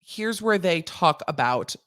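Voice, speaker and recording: A woman's voice: on the low side, expressive, unhurried, a bit bright. A woman lawyer hosting a casual legal commentary livestream, chatty and digressive, laughing at her own jokes.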